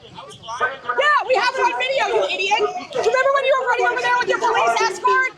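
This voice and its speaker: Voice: very high-pitched, a little fast, reverberant, over a noisy crowd. A person at a street protest taunting and mocking someone. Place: outdoor city street. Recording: distant, noisy crowded street footage.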